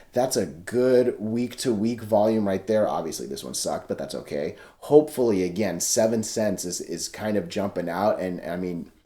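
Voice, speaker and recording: A man's voice: lowish voice, warm tone. A man giving casual stock chart commentary, loose and chatty, often checking in with "right?" and restarting his sentences.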